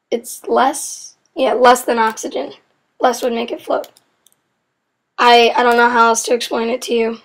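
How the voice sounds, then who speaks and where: High-voiced rambling student explainer. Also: female voice. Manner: rambling, often sidetracked and self-correcting; apologetic, unsure asides. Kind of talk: casual educational explainer.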